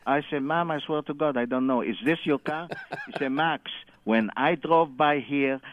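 A man's voice: on the high side, normal speed, muffled recording, slight background noise. A man calling in and telling a long anecdote, acting out every quoted line with loose, non-standard grammar. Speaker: caller. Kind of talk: animated anecdote storytelling.

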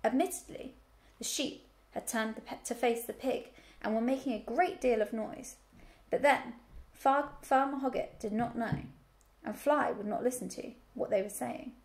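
A woman teacher reading a children's book aloud, telling the story clearly and expressively. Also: on the high side.

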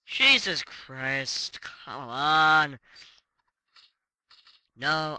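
A man giving casual gameplay commentary as a let's play gamer, excitable and swearing, with frequent exclamations. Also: on the high side, no room sound, poor audio.

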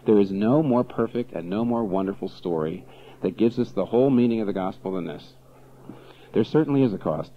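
A man preaching a sermon as pastor, animated and full of rhetorical questions. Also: on the low side, fairly quick, highs cut off, a little hiss or hum.

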